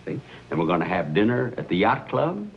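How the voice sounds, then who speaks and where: A man hosting a 1950s radio comedy, boastful and excitable. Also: a little fast, creaky, a little hiss or hum. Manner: boastful, excitable, swings up and down in pitch. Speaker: comedian host. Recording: lo-fi old radio broadcast.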